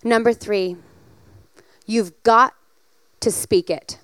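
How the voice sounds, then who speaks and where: A woman delivers a sermon in a high, bright-toned voice, recorded dry and close. She tells a personal story with animated energy and rises into emphatic exhortation. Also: moderate pace, clear, resonant tone, dry recording. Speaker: preacher.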